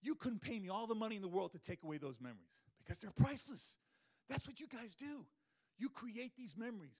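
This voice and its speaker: Excitable high gravelly man storytelling. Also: a little fast. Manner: excitable, acts out his own thoughts and the animals in big swings of voice. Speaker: wildlife photographer giving a talk. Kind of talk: animated storytelling talk to an audience.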